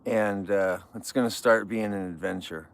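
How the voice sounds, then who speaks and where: A man's voice: lowish voice, steady tone, moderate pace. A man from California hosting a casual livestream, chatting and joking with viewers while trimming flowers. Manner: chatty, jokey, greets viewers. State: tired. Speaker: livestream host.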